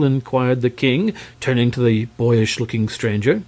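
A man narrating a storybook audiobook chapter with measured, expressive storytelling. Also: mid-range voice, slightly rough. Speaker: audiobook reader.

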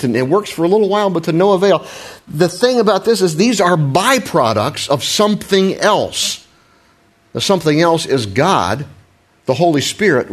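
A middle-aged man preaching a sermon in a relaxed, conversational way, often restarting phrases and joking about himself. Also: medium pitch. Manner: conversational, self-deprecating, frequent restarts. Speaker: pastor.

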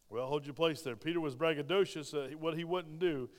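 Animated male preacher in a reverberant hall. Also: fairly high pitch, brisk. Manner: animated preaching, acts out quotes with swings in loudness. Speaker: pastor. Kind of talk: sermon.

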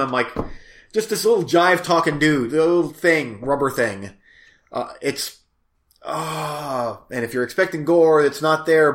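Man host, slow rambling casual chat, fillers and restarts, echoey room. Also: mid-range voice, fairly bright tone. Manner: rambling, halting, many fillers and self-corrections. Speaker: host reviewing movies.

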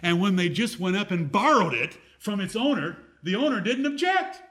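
A man's voice: sits high, big pitch swings, moderate pace, fairly bright tone. A man preaching a Bible-teaching sermon who reads scripture aloud in a raised, declaiming voice and asks the audience questions. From United States.

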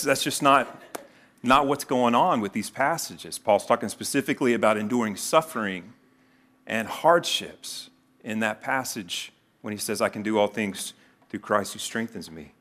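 A man preaching a sermon, animated and conversational, jumping into quoted voices with sudden rises in pitch. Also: normal speed. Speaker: pastor.

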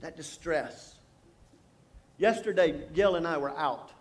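High-voiced man preaching a sermon. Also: slow pace, a little hiss or hum. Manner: storytelling, swings from loud jokes to hushed intensity. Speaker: pastor.

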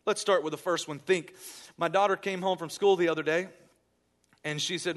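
This church sermon comes from a male pastor with a high voice who speaks fairly quickly. Along the way he leads a quiet prayer and narrates a family story with animated quoted dialogue.

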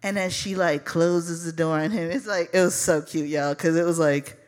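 A woman from Chicago telling a personal story live, animated and profane, calling her listeners y'all. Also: lowish voice, moderate pace.

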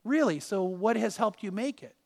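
A pastor delivers a sermon in a fairly high voice with vocal fry, speaking at normal speed with lively intonation. He fires rhetorical questions at his congregation in an emphatic, direct way as his voice rings through a church sanctuary with long, trailing reverb.

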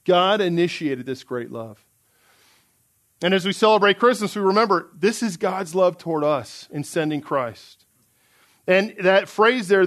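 A man's voice: high voice, a bit bright. A man preaching a sermon in an earnest, emphatic way, reading out scripture passages.

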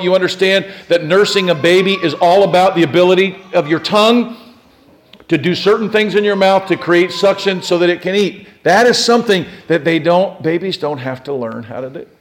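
A man preaching a sermon, talking straight to his listeners with questions, swinging between loud emphasis and hushed, quiet passages. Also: high voice, a little fast, a little hiss or hum. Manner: speaks directly to listeners with questions.

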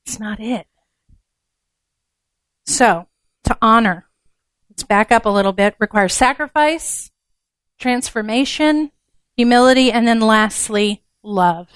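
A woman's voice: a little high, expressive, takes it slowly, long pauses, clear, resonant tone, no room sound. A woman giving a conversational sermon to a women's gathering, frank and down-to-earth with blunt humor.

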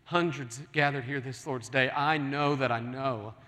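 Earnest pleading pastor in a big hall. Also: male voice, mid-range voice, fairly even intonation, unhurried, pushed and bright. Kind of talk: sermon. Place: large church sanctuary. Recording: long hall reverb.

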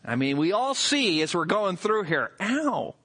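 Man preaching a sermon, high voice, bright and forceful, animated conversational delivery. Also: unhurried. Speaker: pastor.

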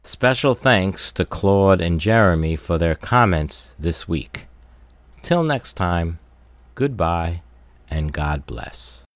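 Deep-voiced man teaching scripture. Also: expressive, slow pace, dry recording. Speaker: Bible teacher. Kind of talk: recorded Bible study talk.

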